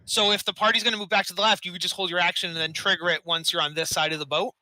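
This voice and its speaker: A man's voice: sits high, fairly even intonation, racing, sharp tone, low-quality recording. A man running an online tabletop game as dungeon master, patiently explaining rules and chuckling often. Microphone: desk mic.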